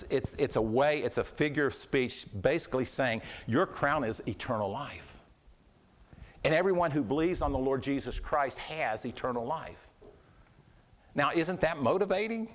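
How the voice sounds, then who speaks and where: Earnest man preaching a sermon. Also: a little high. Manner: earnest, repeats words and restarts, swings between quiet and raised voice. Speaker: pastor.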